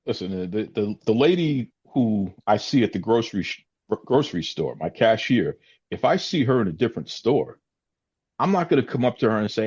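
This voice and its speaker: A man hosting a podcast who talks earnestly in casual chat, lecturing his point and jumping high when he mocks someone. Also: big pitch swings, normal speed, a little mellow, husky. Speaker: podcast host. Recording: dull lo-fi audio.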